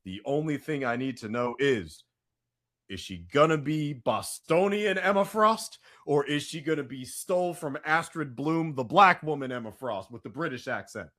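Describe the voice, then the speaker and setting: A man co-hosting a casual pop-culture podcast, chatty and prone to loud bursts of hype. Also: fairly high pitch, animated, moderate pace. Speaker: podcast co-host.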